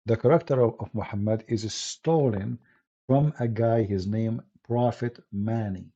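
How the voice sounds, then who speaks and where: A man's voice: lowish voice, moderate pace, warm tone, breathy edge. A man with an Arabic accent hosting a live stream, speaking as an apologist in an emphatic, combative way with broken phrasing and restarts. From Middle East. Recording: dull lo-fi stream audio.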